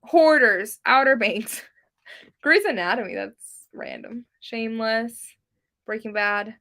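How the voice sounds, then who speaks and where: A woman's voice: a little high, wildly swooping pitch, slow pace, creaky, sharp tone. A young woman whose first language is Spanish, chatting casually on a livestream, giggly and self-deprecating with lots of ums and likes. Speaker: booktube livestream host. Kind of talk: casual live-stream chat reading comments.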